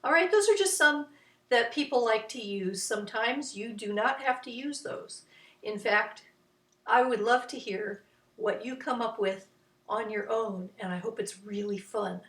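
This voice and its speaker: Woman music teacher for kids, slightly high voice, unhurried and patient, chanting rhythm syllables, roomy recording. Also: a bit bright. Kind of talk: children's music lesson. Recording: roomy, voice from a distance.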